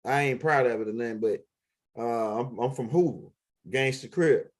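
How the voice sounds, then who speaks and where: Speaking in a mid-range voice at normal speed, a male vlogger spins a story as a loose, profane monologue. His telling wanders, with plenty of repetitions and restarts.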